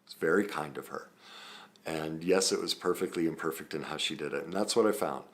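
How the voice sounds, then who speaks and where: Speaking fairly quickly in an extremely low-pitched voice, this trauma recovery coach teaches by sharing personal stories. His manner is earnest and conversational, full of ums and self-corrections.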